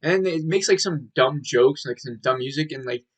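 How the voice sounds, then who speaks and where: Young male reviewer, bright forward tone, loose rambling delivery with frequent filler and cursing. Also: on the high side, normal speed, low-quality recording. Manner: rambling, heavy "like" filler, swearing. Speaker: movie reviewer. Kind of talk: casual review monologue.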